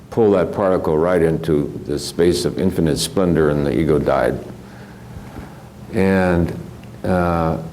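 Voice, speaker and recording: Older man with a very low voice. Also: a little mellow, a little hiss or hum, rough recording. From American Midwest. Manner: rambling, reflective, chuckling storyteller. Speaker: spiritual teacher. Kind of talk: spiritual lecture.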